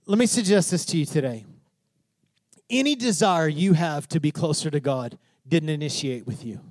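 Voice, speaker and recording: A man's voice: a little high, expressive, moderate pace, darkish tone, no room sound. A pastor preaching to his congregation, asking questions and building to fervent emphasis. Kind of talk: sermon.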